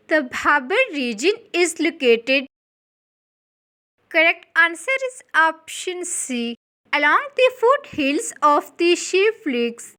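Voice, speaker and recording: A woman with a very high, bright voice reads quiz questions and their answers aloud. Her delivery is slow and her intonation lively, rising and falling across each line. She keeps a measured, even reading manner throughout. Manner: measured, evenly paced reading. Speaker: quiz presenter.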